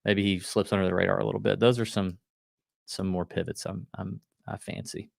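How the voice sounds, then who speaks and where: A man co-hosting a golf betting podcast, talking in a quick, loose, joking way. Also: deep voice, level tone, vocal fry, dry recording, studio quality. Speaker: podcast co-host. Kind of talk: casual golf betting chat.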